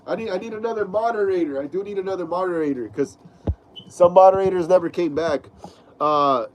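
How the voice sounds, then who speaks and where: Talking a little fast in a high voice, this young man streams casually from home while congested with a cold. He reads the chat out loud, says "bro" constantly, and there's slight background noise.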